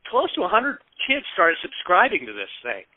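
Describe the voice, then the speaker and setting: A man's voice: sits high, moderate pace, dry recording. Chatty man on a tinny, dry line. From Peoria, Illinois, US. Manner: lively anecdotes, acts out quoted voices, swears casually. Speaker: guest. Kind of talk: casual storytelling interview. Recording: tinny phone-like dry sound.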